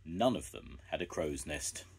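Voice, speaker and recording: An older man reading a children's story aloud, gentle and expressive. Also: very deep voice, a little slow, gravelly, slightly rough.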